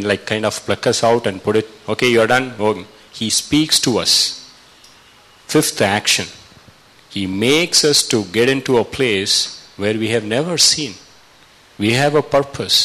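A man preaching a sermon, retelling a scripture story and acting out the quotes with sudden loud rises. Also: on the low side, low-quality recording.

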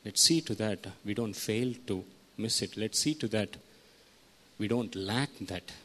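A man's voice: lowish voice, measured pace, bright, forceful tone. A man preaching a sermon, teaching verse by verse and putting questions to his listeners. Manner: teaching, asks the congregation questions.

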